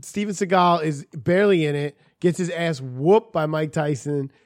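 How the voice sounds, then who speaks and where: A man co-hosting a podcast, telling stories in a profane, animated way. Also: a little high, normal speed, no room sound, studio quality. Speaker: podcast co-host. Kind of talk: casual chat.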